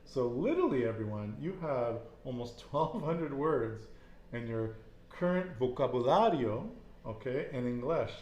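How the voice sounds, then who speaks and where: A man's voice: mid-range voice, big pitch swings, measured pace, darkish tone, reverberant. Encouraging man teaching Spanish. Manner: encouraging, repeats answers and praises them. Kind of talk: casual Spanish lesson.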